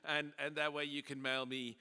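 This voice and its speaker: A man's voice: fairly high pitch, level tone, moderate pace, bright, forceful tone, clean tone. A South African man who pastors a church, giving a joking conference talk with lots of fillers and restarts. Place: large conference hall. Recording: echoey hall PA.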